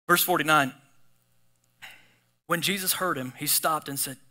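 A male pastor preaching a sermon in a church auditorium, animated and acting out the voices of the people in his stories. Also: on the high side, measured pace. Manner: animated, acts out voices in scripture and prayers.

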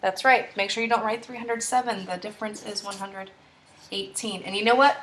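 A woman's voice: medium pitch, steady tone, a little fast, fairly bright tone, slight background noise. A young woman, a third-grade math teacher, walking through problems step by step in an upbeat, encouraging way. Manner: upbeat, encouraging, walks through steps aloud. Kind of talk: screen-recorded math tutorial.

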